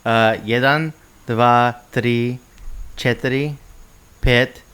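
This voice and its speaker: A man's voice: medium pitch, steady tone, drawn-out words, a bit bright, clear, resonant tone. A man joining a casual language lesson, taking his time and trying words in a good-humoured way. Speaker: student in the lesson. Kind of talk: casual learning chat.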